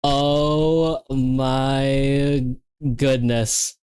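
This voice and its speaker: Young woman streamer, low voice, slow and kinda excitable, dry close mic. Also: smooth, no echo. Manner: excitable, exclaiming and repeating herself. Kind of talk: livestreamed coding session chat.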